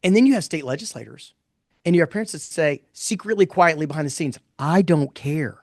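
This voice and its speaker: A middle-aged man presenting poll findings in a casual live talk, blunt and animated, rambling with restarts. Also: on the high side, fast, dry recording, clean studio sound. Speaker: pollster presenting poll results.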